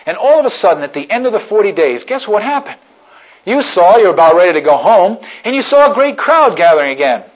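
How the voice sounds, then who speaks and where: Man, preacher, dramatic sermon storytelling, fairly high voice, muffled lo-fi sound. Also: big pitch swings, brisk. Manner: dramatic storytelling, swings from hushed to shouting. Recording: dull lo-fi recording.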